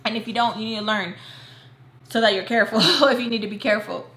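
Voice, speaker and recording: A woman's voice: on the high side, fast talker, sharp tone. A young adult woman telling a personal story in a casual, chatty way, filling her talk with "like" and speaking straight to her viewers. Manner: chatty, fills talk with "like", talks to viewers as "y'all". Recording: roomy echo, faint background hiss.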